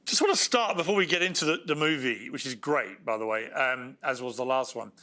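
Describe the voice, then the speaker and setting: A man's voice: medium pitch, a little fast, pushed and bright. A man hosting a TV talk show, reading a scripted intro and questioning a guest. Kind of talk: interviewing a guest.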